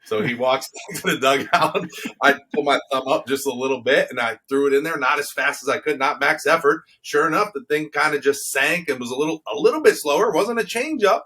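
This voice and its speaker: Fast-talking husky man telling stories. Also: a little high. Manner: animated storyteller. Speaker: guest, baseball coach. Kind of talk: casual interview chat.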